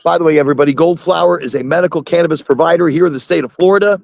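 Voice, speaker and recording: A man's voice: fairly high pitch, rapid-fire, gravelly, no echo. A man hosting a casual live chat from his phone in his truck, rambling and repeating himself. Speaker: host.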